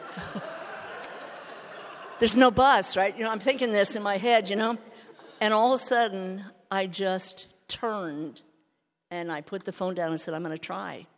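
An older woman telling her recovery story as a candid, self-mocking personal testimony, swinging from hushed to loud. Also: mid-range voice, moderate pace. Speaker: speaker sharing recovery story. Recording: hall reverb.

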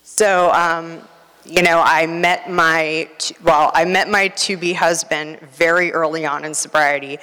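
A woman's voice: low voice, fairly even intonation, a little slow, sharp tone, smooth. A woman giving a candid, rambling personal testimony at a recovery meeting, full of fillers. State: nervous, near tears. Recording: reverberant hall.

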